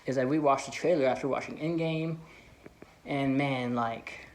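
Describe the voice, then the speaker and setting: A man's voice: medium pitch, moderate pace. Rambling, enthusiastic young-sounding film vlogger man. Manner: rambling, lots of "like" and "you know"; enthusiastic fan. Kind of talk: casual movie commentary.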